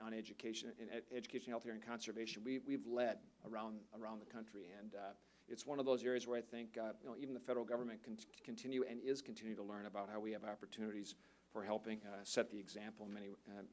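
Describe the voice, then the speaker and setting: A man, a politician, giving earnest, conversational panel remarks at a seminar with touches of light humor. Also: on the low side. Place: seminar venue.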